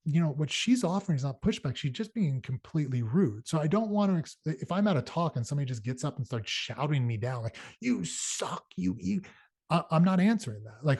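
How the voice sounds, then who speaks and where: A man's voice: mid-range voice, darkish tone, slightly rough. A middle-aged man hosting a show, talking casually and telling stories with many fillers and restarts. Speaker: podcast host. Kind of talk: casual solo talk.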